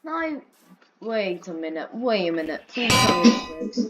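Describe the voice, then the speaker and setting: Loud music sits behind this mid-range female voice, which swings widely in pitch at a moderate pace. She is a gaming video creator, casually narrating her play and playfully addressing the characters with yelps and mock-panicked pleas.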